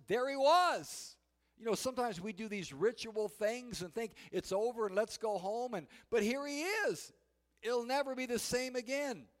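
High-voiced preacher in a reverberant hall. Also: male voice. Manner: animated storytelling, shouting quoted cries. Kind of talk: sermon.

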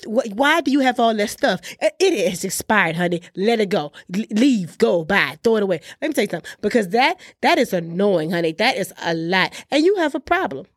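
A woman's voice: mid-range voice, big pitch swings, brisk, dry recording, clean studio sound. A woman radio host on an emphatic, scolding rant, calling listeners "honey" and pressing "okay?". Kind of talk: ranting monologue. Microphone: studio microphone.

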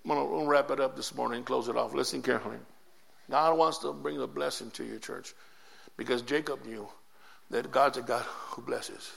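A man preaching a sermon to his church, calling out to the congregation and building up to shouts. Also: mid-range voice, fairly even intonation, normal speed, gravelly, breathy edge. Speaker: pastor.

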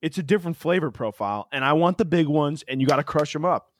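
A young man co-hosting a casual podcast, telling animated, joking stories and swearing freely. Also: a little high, quick pace, no echo, studio quality. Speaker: podcast co-host. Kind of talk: casual chat.

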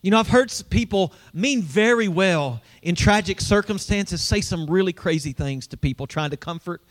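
Male pastor, sermon, quite high voice, conversational, questions to the congregation, church. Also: lively intonation, moderate pace.

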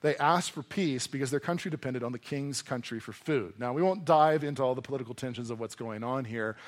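A man preaching a sermon to a congregation in a conversational, animated way, often acting out voices as he reads and explains scripture. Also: medium pitch, fairly quick. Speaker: pastor. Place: church hall before a congregation.

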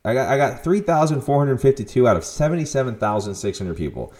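A young man hosting a podcast, telling a story in a casual, profane monologue with sudden loud outbursts. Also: mid-range voice, animated, quick pace. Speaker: podcast host.

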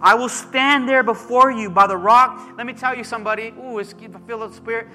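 A man preaching a sermon as pastor, emphatic and animated, calling out to his congregation. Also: extremely high pitch, a little fast. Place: church sanctuary. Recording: long hall reverb with faint music.

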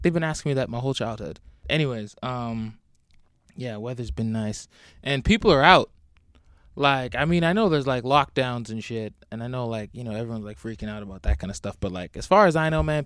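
A man's voice: medium pitch, brisk, smooth, no echo, studio quality. A young man hosting a solo podcast from home, rambling and joking with lots of swearing. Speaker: podcast host. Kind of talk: casual solo podcast rant.

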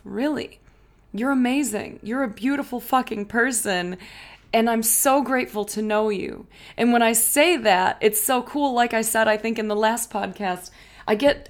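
Woman doing a pep talk podcast, kinda high voice, swears a lot, repeats stuff for emphasis. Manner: encouraging, profane, emphatic repetition. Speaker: podcast host. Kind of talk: motivational podcast monologue.

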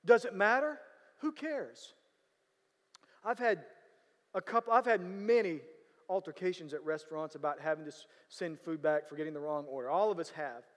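A man telling a story in sermon style, animated, with sudden loud bursts of emphasis and a habit of asking whether listeners follow him. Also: on the high side, normal speed. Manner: animated, bursts of loud emphasis, repeats "you know what I'm saying". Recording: long hall reverb.

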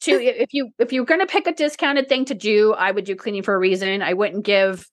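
A woman's voice: medium pitch, brisk, dry recording. A woman co-hosting a casual podcast, talking in a rambling, emotional way with many restarts, her voice teary and close to crying. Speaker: podcast co-host.

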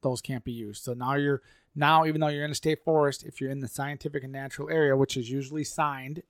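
Gravelly man explaining rules. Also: medium pitch, steady tone, fast, no echo, studio quality. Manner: explains rules point by point, with restarts. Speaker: podcast co-host. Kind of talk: casual explanation of hunting rules.

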